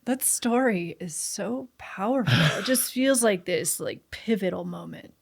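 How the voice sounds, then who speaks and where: Woman, podcast host, gravelly, slow, relaxed chat, laughs easily. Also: mid-range voice. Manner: unhurried, laughs easily, gives short reactions. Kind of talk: casual conversation.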